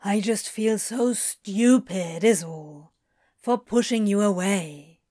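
A woman's voice: medium pitch, takes it slowly, warm tone, dry recording, clean studio sound. Crowley, a woman voicing a sulky, remorseful male demon. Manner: earnest, mumbling, whiny confessions.

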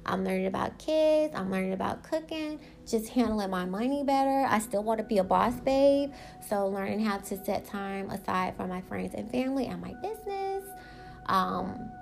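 A young woman hosting her own podcast, rambling in a casual, animated way, swearing and acting out quotes as she tells stories. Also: mid-range voice, creaky. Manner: animated storytelling, swears, laughs, acts out quotes. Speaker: podcast host.

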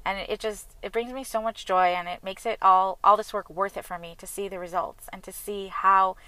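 A woman speaks in an earnest, confessional way, her bright and forceful voice pushing her words forward. The recording is dry and close, with no room sound around her. She talks like a self-help speaker sharing her own story. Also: medium pitch, fairly even intonation, normal speed, dry recording, low-quality recording. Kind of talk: personal reflective talk.

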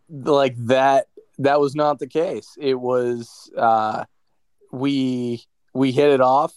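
Smooth-voiced man in dry close sound. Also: mid-range voice, a little mellow, no room sound. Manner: reflective, talks about faith. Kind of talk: casual conversation.

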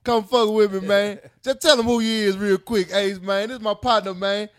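A man hosting a casual podcast chat, teasing, animated and prone to loud bursts. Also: high voice, moderate pace. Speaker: podcast host.

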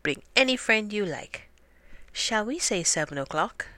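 Lady doing a polite old-fashioned dog host, gracious, unhurried, bright voice. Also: mid-range voice, animated, dry recording, pitched above the performer's own voice. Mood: courteous. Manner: genteel, courteous.

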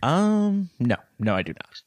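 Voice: medium pitch, big pitch swings, unhurried, a little mellow, dry recording. A podcast co-host chatting casually, rambling with lots of "like" and restarts. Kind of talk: casual chat.

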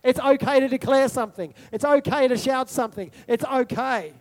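A man's voice: very high voice, brisk. A man preaching a sermon, repeating phrases and putting questions to the congregation. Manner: repetitive rhetorical preaching, asks the congregation questions. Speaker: pastor.

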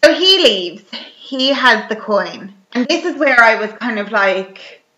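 A young woman recapping a film in casual chat, telling it lively and full of "like". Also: a little high, takes it slowly. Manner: chatty, lively retelling full of "like" and quoted lines. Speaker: podcast co-host. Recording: echoey room, slightly dull sound.

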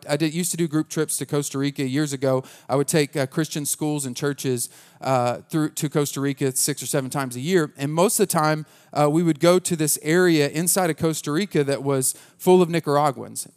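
A man preaching a conversational sermon as pastor, earnest and casual, often restarting his sentences. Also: a little high.

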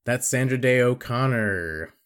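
A man's voice: medium pitch, expressive, unhurried, a bit bright, clean tone. Teasing man hosting a quote quiz. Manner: joking, teasing. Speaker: podcast host running a quote quiz. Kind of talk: casual podcast chat.

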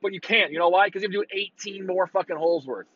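Profane ranting man with a husky voice. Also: high-pitched, fast, no room sound, lo-fi sound. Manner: profane, exasperated ranting with mocking shouted impressions. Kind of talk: casual rant.

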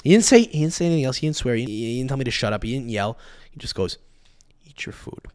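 Animated, profane man ranting. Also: medium pitch, rapid-fire, smooth. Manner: animated, profane, swings between loud outbursts and muttered asides. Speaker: podcast host. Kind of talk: ranting storytelling monologue.

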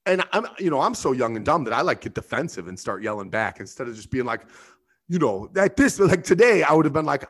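Podcast host, man in his thirties, casual and profane, lively up-and-down delivery. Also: medium pitch, fast. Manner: profane, rambling, self-mocking. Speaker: bartender. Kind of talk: casual storytelling monologue.

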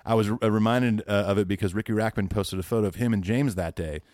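A man co-hosting a podcast who chats in an easy, agreeable way and laughs along. His voice is fairly low. The sound is close and dry. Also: steady tone, fast talker, a little mellow, dry recording. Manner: laid-back, laughing, agreeable. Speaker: podcast co-host. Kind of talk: casual chat, reading listener emails.

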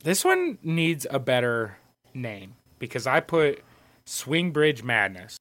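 A man's voice: medium pitch, very animated, takes it slowly, fairly bright tone. A man co-hosting a casual chat, joking, swearing freely and laughing a lot. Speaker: co-host.

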